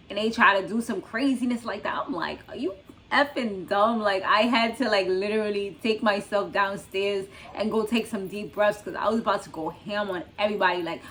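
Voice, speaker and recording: A talkative young woman with a slightly high voice, reviewing the latest reality-TV episode for her channel. She rambles casually, leans on filler words and breaks into laughter often. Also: a bit bright. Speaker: YouTube reality-show recap host. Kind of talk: casual recap commentary.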